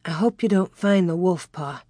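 A woman's voice: lowish voice, normal speed, mellow, no room sound, studio quality, lightly acted. A woman reading aloud, voicing a brave, eager young girl who calls out with breathless urgency. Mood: hushed.

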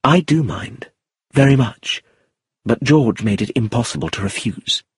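A cool, composed wife speaks in a husky, breathy voice with unhurried, measured phrasing, as a male reader puts her on. The sound is dry and close, with no room around it. The lines move between lively rises and soft drops. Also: mid-range voice, no room sound. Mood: calm. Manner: calm and measured, sometimes bitter. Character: composed, cool-headed upper-class wife. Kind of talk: audiobook character reading.

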